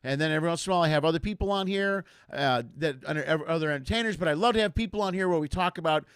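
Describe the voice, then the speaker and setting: A man's voice: fairly high pitch, very fast, fairly bright tone, smooth, dry recording, studio quality. A man from the area, a comedian hosting a casual live chat show and rambling jokily. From Chicago area. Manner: rambling, jokey, self-deprecating.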